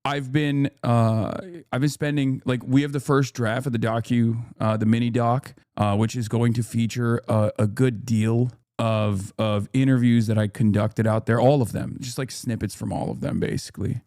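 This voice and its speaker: A man's voice: mid-range voice, fairly even intonation, normal speed, few pauses, dark tone, no room sound, studio quality. A man in his thirties talking casually on a live stream, rambling with restarts and fillers and reading viewer comments aloud.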